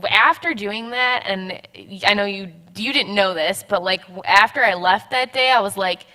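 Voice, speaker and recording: A young woman in casual church chat, talking in halting, rambling bursts with frequent laughs. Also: medium pitch, pushed and bright. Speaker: church member guest.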